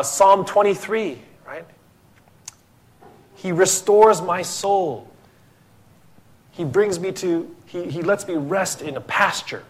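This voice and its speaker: Slow-preaching pastor, a man. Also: high voice. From Philippines. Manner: emphatic, asks rhetorical questions. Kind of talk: sermon.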